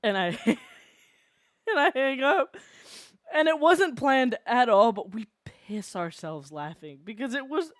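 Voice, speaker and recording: A streamer in a casual drawing-stream chat, mid-pitched and very lively in intonation. The delivery is animated and breaks into laughter often. The sound is dry and close. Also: a little slow, dry recording.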